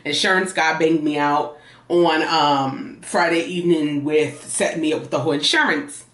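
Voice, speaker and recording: A woman's voice: low-pitched, moderate pace, fairly bright tone, roomy sound. A young woman, chatting casually to her vlog viewers, calling them y'all and honey. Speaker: vlogger. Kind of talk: casual vlog talk to camera. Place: inside and around a car, outdoors in the city.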